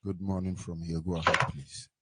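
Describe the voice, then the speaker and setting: A man's voice: sits low, flat delivery, brisk, noisy background. A man hosting a radio call-in show, making brief, indignant interjections. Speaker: radio host.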